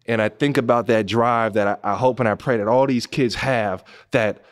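Telling a personal story at normal speed, this podcast host delivers an animated, emphatic monologue. He's in his thirties and from Southern California, and his voice climbs when he's excited and grows soft when he's moved.

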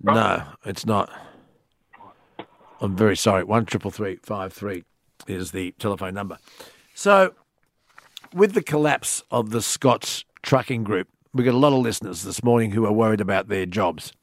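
A man's voice: on the low side, normal speed. A man with an Australian accent hosting late-night talkback radio, laid-back and chatty. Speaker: radio host. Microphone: studio microphone.

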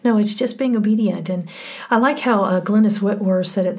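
A woman co-hosting a casual faith podcast, speaking in a heartfelt, soft way that often drops close to a whisper. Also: mid-range voice, moderate pace. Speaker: podcast co-host.

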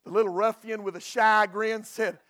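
A man's voice: high-pitched, steady tone, normal speed, pushed and bright. A male pastor preaching a sermon, telling a folksy story and often repeating and restarting his words.

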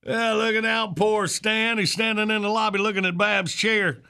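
A man's voice: high-pitched, steady tone, moderate pace, vocal fry, pushed and bright, clear, resonant tone. A man hosting a morning radio comedy show, easygoing and laughing as the straight man.

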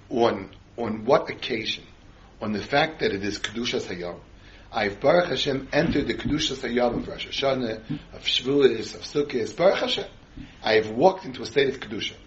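A man's voice: mid-range voice, fairly bright tone, highs cut off. A man teaching a Torah class to a group, often quizzing his listeners with questions and answering them himself. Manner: quizzes the audience with frequent questions.

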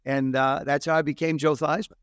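An older man from New Jersey, a former quarterback telling animated anecdotes as an interview guest. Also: a little high, fairly quick, clean tone, no echo, studio quality. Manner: animated anecdotes with laughs and restarts. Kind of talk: storytelling interview.

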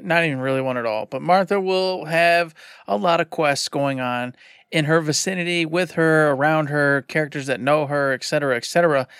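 A man in his forties co-hosting a casual gaming podcast, talking in an animated, emphatic way with quick asides. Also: on the high side, smooth, no room sound, clean studio sound. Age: 40s. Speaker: podcast co-host.

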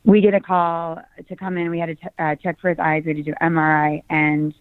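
A woman guest telling a personal story on a podcast, lively and excited as she recounts it. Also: low-pitched, a little fast, no room sound. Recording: dry tinny phone-like sound.

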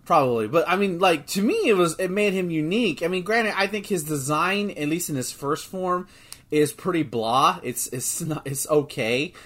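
A man co-hosting a podcast in casual chat, excitable, swearing freely and restarting his sentences often. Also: on the high side, moderate pace. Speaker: podcast co-host.

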